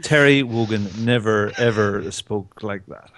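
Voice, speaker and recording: A man co-hosting a gaming podcast, working out answers out loud and checking the quiz questions. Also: lowish voice, measured pace. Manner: works sums out loud, asks for clarification. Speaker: podcast co-host and quiz contestant. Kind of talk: casual podcast chat.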